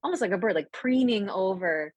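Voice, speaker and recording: A woman running a tabletop role-play game as game master, describing the scene in a relaxed, loose way. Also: mid-range voice, brisk, no echo, rough recording. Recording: dry close sound.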